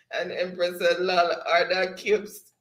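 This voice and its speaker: A man's voice: sits high, a bit bright, echoey room. A man hosting a livestream, reading viewers' chat aloud and laughing often. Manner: laughs often, slow and easygoing. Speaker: livestream host.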